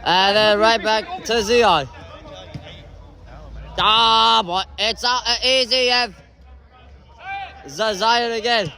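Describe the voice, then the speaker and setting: Excitable high-pitched man calling indoor soccer. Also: slow, long pauses, a faint crowd. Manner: excitable, frequent shouted calls and exclamations. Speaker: amateur match commentator. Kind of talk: live play-by-play commentary.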